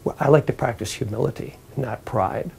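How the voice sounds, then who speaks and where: A priest telling a parable in a lively, animated storytelling sermon. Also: male voice, medium pitch, moderate pace, gravelly, a little hiss or hum.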